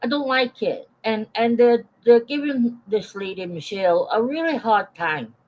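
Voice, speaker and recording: A woman's voice: on the high side, lively intonation, moderate pace, a little mellow, low-quality recording. Woman in her forties, live-stream rant, blunt, swears a lot, greets chat viewers as she goes. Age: 40s.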